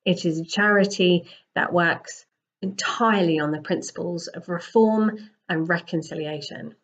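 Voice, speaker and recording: A woman teaching a lesson, telling a story with lively dramatic emphasis, recorded with a dull lo-fi sound. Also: on the low side, moderate pace.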